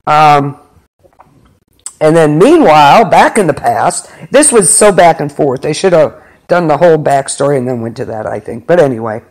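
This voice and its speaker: Rambling podcast host man, slightly high. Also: expressive, moderate pace, a little mellow. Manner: rambling, filler-heavy storytelling. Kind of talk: casual episode recap chat.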